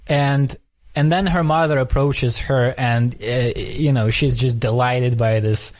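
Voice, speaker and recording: A man's voice: mid-range voice, fairly even intonation, unhurried, darkish tone. A man in casual conversation, telling a story thoughtfully, often restarting as he searches for words. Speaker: podcast conversation partner.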